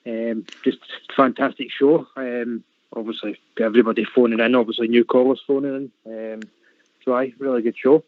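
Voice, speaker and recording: A Scottish man calls in at a mid pitch over a tinny, phone-like line with a dry sound. He is easygoing and pads his speech with fillers. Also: fairly even intonation, normal speed, dry recording. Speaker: caller. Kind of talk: casual phone-in chat.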